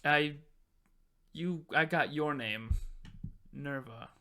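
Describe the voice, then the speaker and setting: A man voicing a gracious woman who leads a company and welcomes guests softly. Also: fairly high pitch, slow pace, exaggerated voice.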